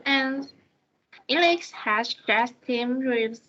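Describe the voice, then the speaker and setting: A woman student reading a class presentation on sentence stress, slowly and carefully. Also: high-pitched, fairly bright tone. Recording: dull lo-fi recording.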